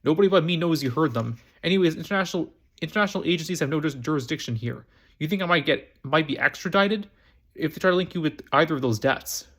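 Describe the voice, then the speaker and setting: A man voicing a calm, matter-of-fact male friend. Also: on the high side, fast.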